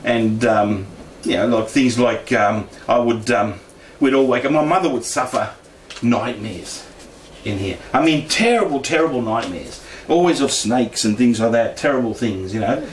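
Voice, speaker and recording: A man's voice: mid-range voice, moderate pace. A man, telling a personal story in a meandering way with frequent restarts and asides, as a guest speaker at a discussion group. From Brisbane, Australia. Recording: roomy room, distant mic, faint background noise.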